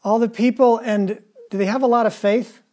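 Preacher, mellow tone, retells scripture casually and keeps asking the room questions. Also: mid-range voice, steady tone, normal speed. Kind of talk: conversational sermon.

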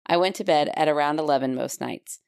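A woman co-hosting a casual podcast, chatting and reading listener stories aloud with dramatic pauses. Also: deep voice, creaky, darkish tone, smooth, dry recording, studio quality. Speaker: podcast co-host.

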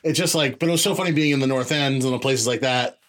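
A man's voice: mid-range voice, fast talker, fairly bright tone. Male podcast host from Maine, casual and wry. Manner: wry, joking. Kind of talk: casual chat.

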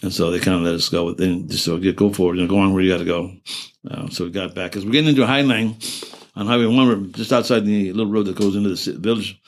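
Speaking fast in a low, steady voice, an older male veteran recounts war stories during an oral history interview. He rambles and curses, trails off into restarts, and laughs through grim memories.

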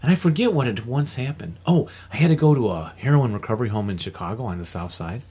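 A man leading a casual group discussion, telling a story with lively acted-out quotes and frequent laughter. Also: mid-range voice, fast, husky. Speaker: discussion leader.

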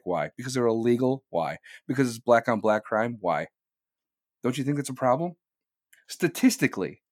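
A man's voice: mid-range voice, dry recording, clean studio sound. Heated, profane male podcast host. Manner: profane, heated, rhetorical questions. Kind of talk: live podcast rant.

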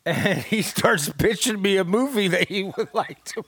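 A man co-hosting a comedy podcast, brash and boastful, with a gravelly voice and loud laughs. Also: high voice, lively intonation, normal speed. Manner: brash, boastful tough-guy patter with frequent laughs. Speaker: podcast co-host. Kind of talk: improvised comedy banter.

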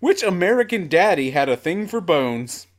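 A man's voice: sits high, very animated, moderate pace. A man hosting a trivia round, reading questions with dry offhand jokes. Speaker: quiz host.

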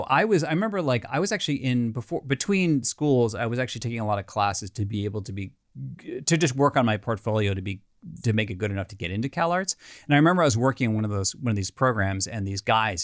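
Animated middle-aged man telling stories. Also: mid-range voice, no echo, clean studio sound. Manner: animated, excitable, frequent restarts and fillers. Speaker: animator guest. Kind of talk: casual interview storytelling.

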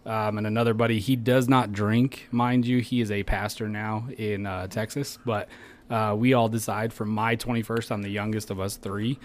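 A man's voice: fairly low pitch, flat delivery, moderate pace. A man as a podcast guest, telling stories in a laid-back, joking way with easy laughs. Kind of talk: casual storytelling.

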